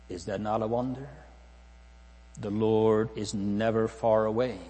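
Slow husky-voiced male preacher. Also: fairly low pitch, steady tone, mellow, long reverb tail. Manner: solemn, repetitive, rhetorical questions to the congregation. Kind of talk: sermon. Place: church.

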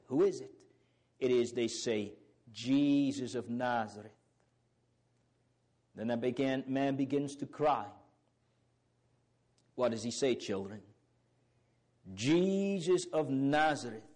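A man's voice: medium pitch, darkish tone. A man preaching a sermon, earnest and fervent, with old biblical phrasing and rising exclamations.

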